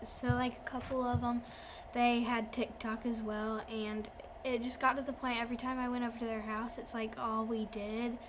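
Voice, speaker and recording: Young woman, flat delivery, slightly high voice, clear background noise. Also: normal speed, hardly any pauses. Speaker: youth guest. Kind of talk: casual discussion.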